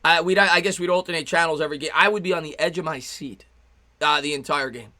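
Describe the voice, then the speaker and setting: A young man calls baseball play-by-play for his live stream, with a high, bright, ringing voice. He is excitable and chatty, breaking off between pitches to greet viewers and read their messages. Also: fast talker.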